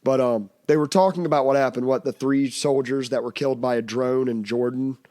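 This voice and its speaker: A man's voice: medium pitch, fairly even intonation, brisk, dark tone. A man hosting a podcast in casual comedic chat, rambling and laughing often. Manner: rambling, laughs often, slips into mocking quoted voices. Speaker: podcast host.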